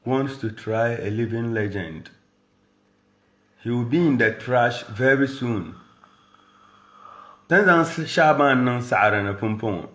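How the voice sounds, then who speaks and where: A man's voice: medium pitch, slow, pauses often, a bit bright, roomy sound. A man from Ghana with a Ghanaian accent, a rapper and radio presenter, taunting a rival in a boastful diss video, switching between English and Dagbani. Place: at home.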